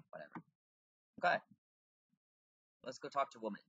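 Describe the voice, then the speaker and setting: A man with a deep voice giving casual, rambling commentary while playing a video game and chatting to the characters. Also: expressive, fairly quick, long pauses, fairly bright tone, slightly rough, no echo, dull audio.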